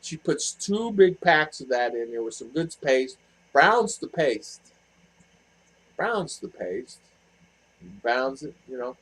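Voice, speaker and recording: An older man from the United States hosts a relaxed live stream. He chats at a middle pitch in a blunt, rambling way, repeating phrases as he reads comments and tells stories. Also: takes it slowly, breathy edge, rough recording. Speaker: vlog host reading live chat. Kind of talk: casual live-stream chat. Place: home in the Philippines.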